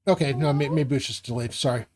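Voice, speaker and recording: A game master describes scenes in a live tabletop session at a middling pitch. The narration wanders and is full of ums and restarts as the scene is set. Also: fast, darkish tone, a little hiss or hum. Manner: rambling narration with many fillers.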